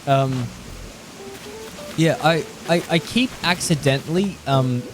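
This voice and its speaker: A man's voice: a little high, slow pace. A man streaming a game, chatting casually in a rambling way and laughing often. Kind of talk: casual chat while playing. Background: background music.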